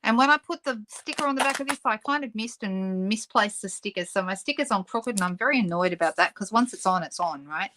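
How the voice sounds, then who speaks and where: A woman's voice: mid-range voice, brisk, few pauses, sharp tone. Chatty Australian woman demonstrating crafts. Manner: chatty, answers viewer comments as she works; laughs often and apologizes playfully. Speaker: papercraft demonstrator hosting a live stream. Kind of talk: casual live-stream craft demonstration.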